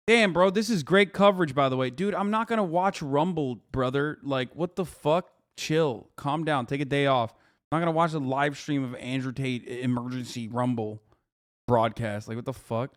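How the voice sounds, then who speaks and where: A man hosting a live stream, reacting to news in a profane, ranting, incredulous way. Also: fairly high pitch. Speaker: political streamer host. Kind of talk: casual live-stream commentary.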